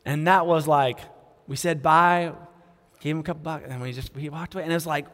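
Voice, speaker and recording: A pastor in his thirties with a rather high voice tells his story earnestly in a sermon. His words ring out with a long reverb through the church hall, and he sinks to a hushed tone for prayer. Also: fairly even intonation, brisk. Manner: earnest storytelling, drops to a soft hush for prayer. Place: church sanctuary.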